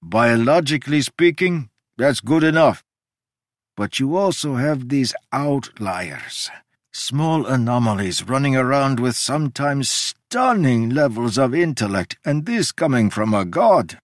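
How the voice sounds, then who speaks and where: Brief: male narrator doing an ancient jovial god, emphatic and lecturing, mid-pitched, dry close sound. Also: big pitch swings, unhurried, dry recording. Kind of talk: audiobook character reading.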